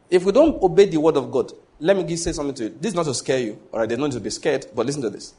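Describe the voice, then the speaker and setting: A man's voice: a little high, racing, hardly any pauses, mellow. A man preaching a sermon, emphatic and storytelling, with repetition and call-and-response. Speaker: pastor.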